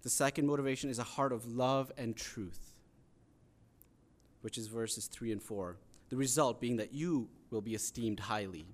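Guy preaching, earnest and chatty, middle pitched voice, pushes harder on the big points. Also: normal speed. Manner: earnest, conversational teaching with rising emphasis on pleas. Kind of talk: sermon.

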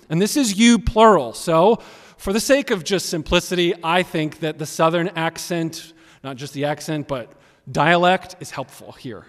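A man's voice: sits high, moderate pace. Emphatic preacher man in a reverberant hall. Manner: animated, emphatic, swings between loud and quiet. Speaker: pastor. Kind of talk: sermon. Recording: long reverb of a large hall.

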